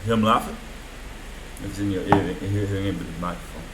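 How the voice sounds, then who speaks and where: A man's voice: deep voice, fairly even intonation, brisk, echoey room, background noise. A man rambling through an unscripted video diary from a room in a mental health hospital, swearing often. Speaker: vlogger.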